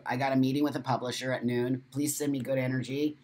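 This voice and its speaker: A man's voice: medium pitch, level tone, fast, few pauses, darkish tone. A man hosting a casual livestream, talking passionately and bluntly, swearing freely and emotional after crying. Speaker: live show host.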